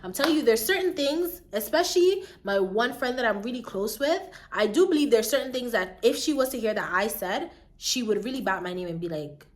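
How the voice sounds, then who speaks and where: A young woman from Jamaica, telling a storytime in a chatty, animated way. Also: fairly high pitch, a little fast. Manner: chatty, animated, keeps asking "you get what I mean". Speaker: vlogger. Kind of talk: casual storytime chat.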